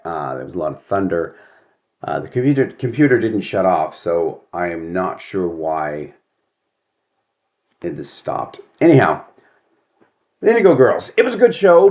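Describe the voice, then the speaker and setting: Older male host, low-pitched, grumbly and sarcastic, casual home vlog rant. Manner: grumbling, sarcastic complaints with rhetorical questions.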